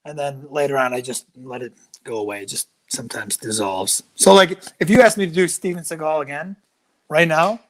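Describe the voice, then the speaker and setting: A man guesting on a podcast over a video call, an animated storyteller who slips into impressions. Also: a little high, fairly quick, poor audio. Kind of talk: casual podcast chat.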